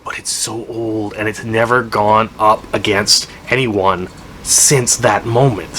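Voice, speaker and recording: A man's voice: fairly low pitch, sharp tone, a little hiss or hum. A man telling a dramatic first-person story, swearing and drifting into rambling asides. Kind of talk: told story.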